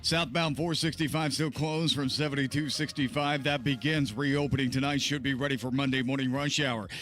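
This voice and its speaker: Brisk Midwestern radio traffic reporter man. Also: mid-range voice. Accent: Midwestern American. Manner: brisk, even, scripted delivery.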